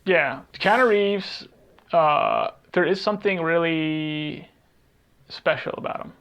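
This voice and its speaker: A man's voice: on the high side, takes it slowly, smooth, muffled recording. A man co-hosting a podcast in casual chat, rambling and trailing off as he hunts for what he wants to say. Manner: rambling, trails off hunting for titles. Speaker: podcast co-host.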